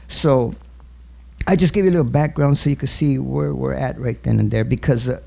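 A man preaching a sermon and leading a spoken prayer, earnest and halting, with many restarts. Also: medium pitch, vocal fry. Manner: louder and fervent when praying. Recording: dull lo-fi recording.

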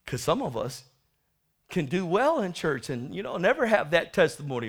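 A man preaching a sermon to his congregation, swinging from hushed asides to loud, stretched-out shouts as he acts out the Bible story. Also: on the high side, big pitch swings, normal speed.

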